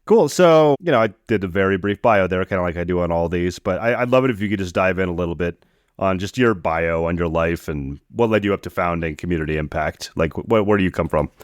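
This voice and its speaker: A man's voice: low voice, lively intonation, brisk, no room sound, studio quality. A man hosting a podcast about local news, friendly and easygoing. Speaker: podcast host.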